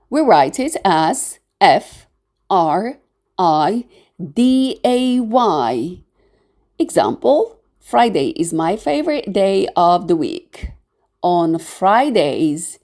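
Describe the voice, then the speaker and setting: Slow-spoken woman teaching beginner English. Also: fairly low pitch, a little mellow. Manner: slow, spells words letter by letter.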